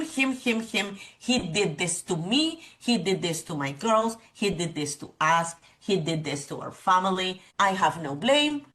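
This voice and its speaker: Low-voiced woman telling her story candidly. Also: a bit bright. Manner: candid and vivid, with frank asides. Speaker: guest, author and coach. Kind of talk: personal storytelling in an interview.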